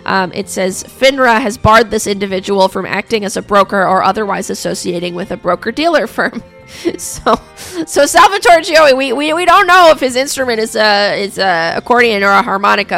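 A woman hosting a radio show, chatting casually and rambling with lots of fillers and restarts, a little hoarse from coughing. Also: medium pitch, animated, fairly quick, a bit bright, soft background music.

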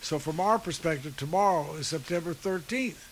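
A man's voice: on the high side, normal speed, a little hiss or hum, low-quality recording. A man co-hosting a casual radio chat, playful and joking. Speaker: radio co-host.

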